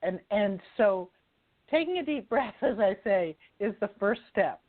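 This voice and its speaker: A woman's voice: medium pitch, animated, a little slow. Woman, radio guest, chatty storyteller, laughs often, tinny phone-line sound. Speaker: author and guest. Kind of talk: casual radio interview.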